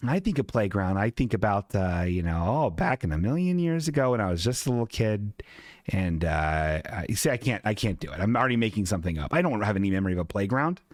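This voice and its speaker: A man's voice: lowish voice, big pitch swings, fast, no room sound, clean studio sound. A man hosting a live-streamed podcast in casual chat, rambling, self-deprecating and swearing a lot. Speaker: podcast host.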